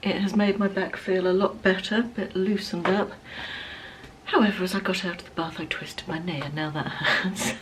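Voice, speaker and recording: A woman in her fifties chatting casually in a rambling day-in-the-life vlog, full of ums and restarts, sometimes dropping to a soft near-whisper. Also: on the low side, fairly even intonation, moderate pace, background noise. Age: 50s. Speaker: lifestyle vlogger.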